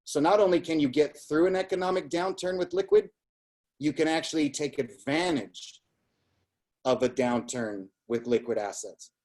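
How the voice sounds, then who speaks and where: A man's voice: fairly high pitch, normal speed, a little mellow. A man speaking as a guest business coach, giving an emphatic motivational talk with a repetitive, storytelling manner.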